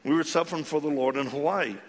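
A man preaching a storytelling sermon, animated and acting out the voices of the people in his story. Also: fairly high pitch, fast talker, in a large hall. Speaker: ministry leader speaking to men.

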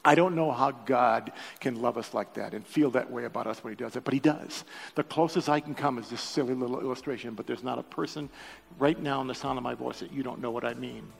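A medium-pitched, creaky and slightly rough voice belongs to an older pastor who talks fairly quickly. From the echoing church sanctuary, he delivers a sermon built around an emotional personal story, with humor aimed at the congregation.

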